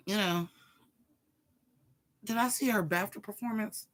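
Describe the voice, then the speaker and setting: 40-something vlogger going off, bright sharp voice, sassy and cussing nonstop. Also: medium pitch, unhurried, pauses often. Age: 40s. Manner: profane, sassy, animated, talks straight to viewers. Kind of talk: casual rant to camera.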